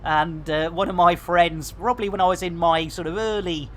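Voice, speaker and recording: A fairly high, fairly bright voice belongs to a middle-aged Barnsley man from Yorkshire, England, who jokes his way through a live game stream full of catchphrases. His intonation is fairly even, his speed normal, with slight noise behind him.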